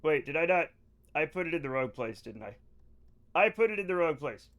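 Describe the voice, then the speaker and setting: A man streaming a video game live, chatting to viewers in an excitable way with loud bursts of enthusiasm. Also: on the high side, brisk, dull audio.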